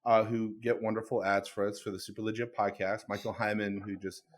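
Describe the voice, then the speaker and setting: A man's voice: on the low side, flat delivery, a little fast. A man co-hosting a podcast, retelling a comedy bit with amusement in casual chat. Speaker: podcast co-host.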